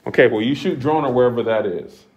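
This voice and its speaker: A man's voice: mid-range voice, fast, slightly rough, highs cut off. A man giving a casual walking tour of his new studio space, hyping it up like a showman, recorded on a camera mic as he walks through a large empty building. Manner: excitable, showman-like announcing.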